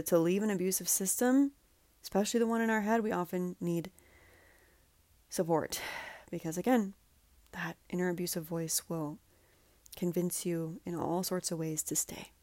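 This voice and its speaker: A woman hosting a solo podcast, speaking earnestly and with feeling, often saying "like" and sometimes dropping to a soft, breathy voice. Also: fairly low pitch, moderate pace, pauses often, no echo. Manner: earnest, heartfelt, says "like" often; drops to soft, breathy guidance during a breathing exercise. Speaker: podcast host, coach. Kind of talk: emotional solo podcast talk.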